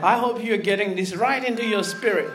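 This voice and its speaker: A woman from Africa preaching a sermon, animated and laughing, often asking the congregation if they follow her. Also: medium pitch, brisk, echoey room.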